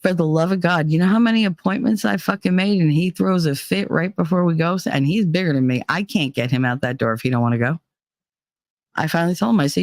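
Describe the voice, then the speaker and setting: A woman's voice: lowish voice, quick pace, darkish tone, no echo. Woman, livestream host, heated, profane, blunt, dry close sound. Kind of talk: casual venting chat.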